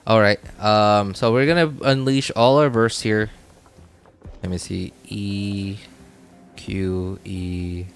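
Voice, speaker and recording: A low-voiced male gamer chatting loosely through gameplay, in no hurry and often circling back to correct himself. He laughs easily between thoughts, with soft game music playing underneath. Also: steady tone, slow, clean tone. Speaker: gaming streamer. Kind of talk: casual gameplay commentary.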